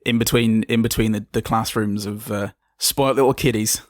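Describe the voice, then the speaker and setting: A man's voice: fairly low pitch, fairly even intonation, moderate pace, no room sound, lightly acted. Man doing a smug suit-wearing big shot, haughty and condescending, dry close sound. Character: pompous entitled businessman in a suit.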